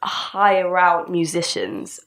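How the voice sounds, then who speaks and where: A woman co-hosting a podcast while ill, her voice hoarse and rough, chiming in with quick reactions. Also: on the low side, big pitch swings, a bit bright. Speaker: podcast co-host. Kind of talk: casual chat.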